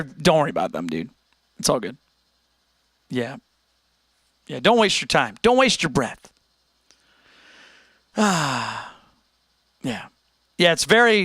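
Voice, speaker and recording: Animated American man chatting on stream. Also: a little high, no echo. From United States. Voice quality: animated, chatty, talks straight to chat. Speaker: live-stream host. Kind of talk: casual live-stream chat.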